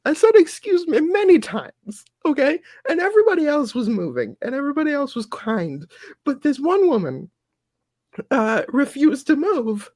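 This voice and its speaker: A man with a notably high voice tells a story on a podcast, laughing as he goes. He speaks close to the mic, and the sound is dry with no room echo. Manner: laughs through his own story, animated. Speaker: podcast guest. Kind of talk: casual storytelling.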